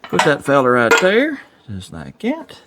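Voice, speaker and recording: Heavy background noise surrounds a slightly high male voice that swings hugely in pitch at an unhurried pace. He's a Tennessee garage channel host with a Southern accent, giving casual, folksy, self-deprecating vlog talk with chuckles from his home workshop.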